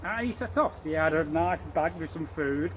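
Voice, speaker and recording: A man telling an old folktale aloud to listeners, lively and rambling, correcting himself as he goes. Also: a little high, normal speed, a little hiss or hum, poor audio. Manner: speaks to listeners, points to props. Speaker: storyteller. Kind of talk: live oral folktale telling.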